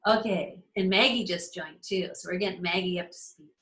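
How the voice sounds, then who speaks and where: This astrology call host has a lowish, fairly bright voice and talks a little fast. She's enthusiastic and quick to laugh, calling on members by name during a casual live teaching session with a roomy echo.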